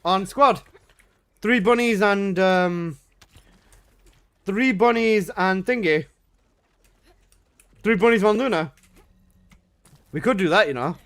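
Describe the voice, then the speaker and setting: A high-voiced man livestreaming a game. He talks in loose, excitable slang, casual and quick to react to his squad. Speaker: game streamer. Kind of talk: casual live-stream chat.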